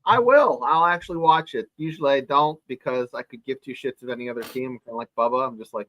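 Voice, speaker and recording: A man's voice: medium pitch, quick pace, hardly any pauses, a bit bright, no room sound, poor audio. A man co-hosting a casual sports podcast over a video call, joking and offhand. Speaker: podcast co-host.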